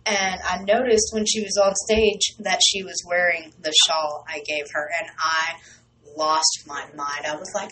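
A woman's voice: on the low side, steady tone, moderate pace, bright, forceful tone. Bubbly rambling woman radio DJ. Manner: bubbly, rambling, gushing, many fillers. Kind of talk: casual radio chatter. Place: small radio studio. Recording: distant mic with faint background noise.

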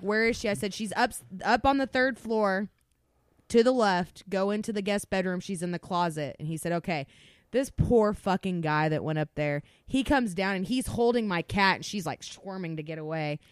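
A young woman on a podcast telling a story in an animated way, swearing constantly. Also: mid-range voice, moderate pace, smooth, dry recording. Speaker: podcast co-host. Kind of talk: casual storytelling.

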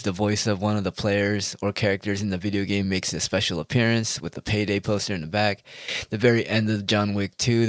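A man's voice: on the low side, dry recording, clean studio sound. A man talking straight to his audience in a rambling, heated monologue, full of swearing. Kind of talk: casual ranting monologue.

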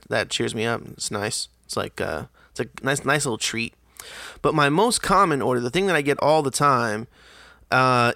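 Podcast host, young man, bright forceful tone, dry close sound, swears a lot, exasperated rambling delivery. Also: mid-range voice, dry recording. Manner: profane, exasperated storytelling. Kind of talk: casual podcast monologue.

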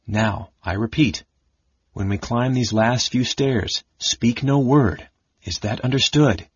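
A man voicing a stern older male mage who speaks softly, gravely and with command. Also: fairly low pitch, moderate pace, no room sound. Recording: dull lo-fi audiobook recording.

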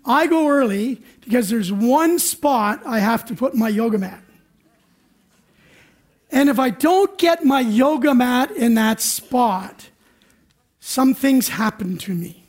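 High-voiced pastor telling a chatty story. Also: male voice, expressive, slow. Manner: chatty self-deprecating storytelling, acts out his own panic. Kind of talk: sermon. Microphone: recorded for radio.

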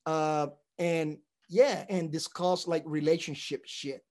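A fairly high-pitched man from Puerto Rico speaks slowly as he co-hosts a podcast. His casual talk leans on animated storytelling heavy with profanity.

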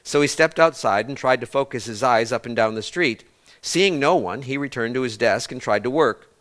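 A man's voice: mid-range voice, normal speed, fairly bright tone. A man, a pastor, preaching a sermon to a congregation. He tells stories, restarts words mid-phrase, and puts questions to the listeners.

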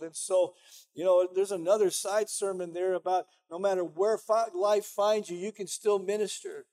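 A man's voice: high-pitched, steady tone, brisk, dark tone. A man preaching a sermon as pastor, conversational and emphatic, often saying "you know".

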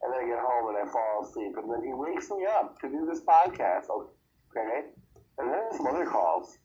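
A man's voice: medium pitch, lively intonation, moderate pace, mellow, muffled recording. Sick, worn-out man complaining. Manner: grumbling, complaining. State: sick, hoarse and fatigued. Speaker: podcast co-host. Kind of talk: casual podcast chat.

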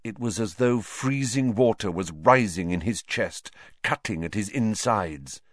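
A man's voice: on the low side, expressive, measured pace, no room sound. A male reader narrates a story with lots of movement in his voice, rising and falling through the scenes. He voices each character himself. The sound is dry and close, with no room around him. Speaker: audiobook reader.

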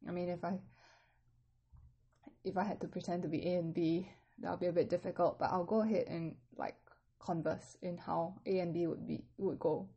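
A woman teaching a casual language lesson, patiently explaining step by step with relaxed fillers. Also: on the low side, moderate pace, slightly rough, muffled recording.

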